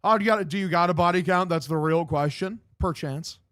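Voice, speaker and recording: A young streamer in his home room gives live play-by-play and loose, profane chat, reading out viewers' messages and responding. His high-pitched, fairly bright voice runs a little fast, and the audio is clean studio sound with no room noise.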